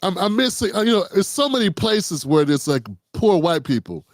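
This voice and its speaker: A man's voice: high voice, very animated, moderate pace, no echo, studio quality. A man hosting a political commentary show, talking off the cuff in a blunt, profane, rambling way with lots of restarts.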